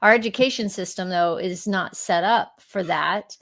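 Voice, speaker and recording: A middle-aged woman co-hosting a casual chat, telling stories in an animated way and acting out quotes. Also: medium pitch, normal speed. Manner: animated storyteller, laughs often, acts out quotes. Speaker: podcast co-host.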